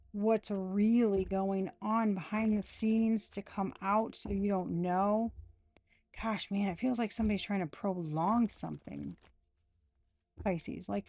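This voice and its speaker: A woman in her thirties doing a casual tarot reading, talking slowly with many fillers and dry, sarcastic asides. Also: mid-range voice, vocal fry, darkish tone. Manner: slow, drawling, full of fillers, sarcastic asides. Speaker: tarot reader.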